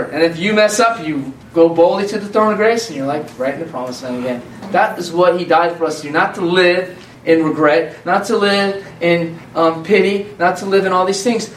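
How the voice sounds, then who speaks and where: High-voiced preacher in an echoey room. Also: male voice, distant mic, a little hiss or hum. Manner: conversational preaching with repeated phrases and restarts. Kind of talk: informal sermon.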